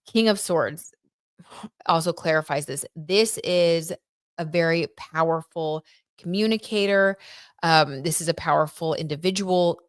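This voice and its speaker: A woman hosting a live tarot reading stream, talking casually and excitedly, gasping and reading viewer comments aloud. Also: deep voice, no echo, studio quality. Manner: chatty and excitable, reads viewer comments aloud, gasps and many "like"s.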